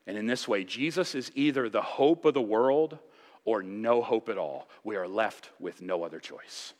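A man's voice: fairly low pitch, moderate pace, darkish tone, long reverb tail. A male pastor preaching a sermon with impassioned emphasis, rising and dropping his voice to drive points home. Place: church sanctuary.

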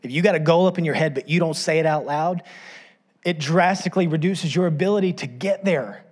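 A middle-aged man delivers a sermon in a relaxed, talky way. His voice sits a little high. He keeps turning to the listeners with quick asides and pokes fun at himself. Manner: conversational preaching with frequent "right?" asides and self-deprecating humor. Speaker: pastor.

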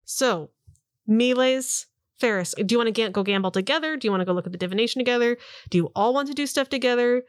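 A woman narrating a tabletop game as game master, upbeat and quick to laugh. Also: a little high, dry recording, clean studio sound.

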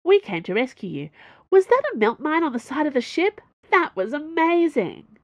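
A woman's voice: mid-range voice, huge pitch swings, brisk, creaky, no room sound, full character voice. A woman voicing an eager, cheerful young female engineer, a kid full of enthusiasm, in a storybook reading. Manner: bright and eager.

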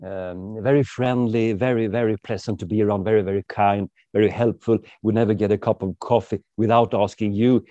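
Man lively author acting out types. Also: on the low side, brisk, hardly any pauses, no echo, highs cut off. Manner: animated, playfully acts out personality types. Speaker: author and speaker, podcast guest. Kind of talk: interview conversation.

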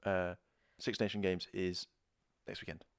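A man's voice: low voice, level tone, unhurried, gravelly, clear, resonant tone. A man co-hosting a podcast, chatting casually in an upbeat way. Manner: chatty, upbeat sign-off patter. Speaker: podcast co-host. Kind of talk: casual chat.

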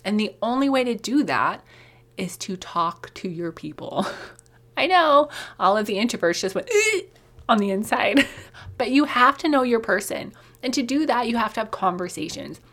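A woman hosting a solo marketing podcast, talking casually with lots of "like"s and quick laughs. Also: medium pitch, lively intonation, a bit bright. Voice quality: chatty, many "like"s, laughs often. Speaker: podcast host, marketing coach.

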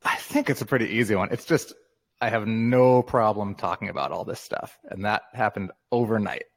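A man's voice: on the low side, moderate pace, dry recording. A man in his fifties, a guest author in a casual interview, talking candidly and reflectively and laughing often.

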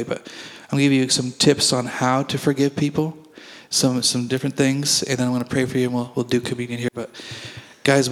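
A man's voice: mid-range voice, a bit bright, big-room sound, rough recording. A male pastor preaching a sermon in a conversational, storytelling way, acting out his own dialogue as he goes.

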